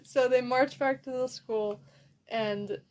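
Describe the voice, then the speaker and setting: A woman's voice: sits high, fairly even intonation, slow, darkish tone, rough recording. A woman improvising a silly story for a storytelling game, giggling and losing her place as she goes. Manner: giggly, rambling, loses track and restarts. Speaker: storyteller in a narrative telephone game.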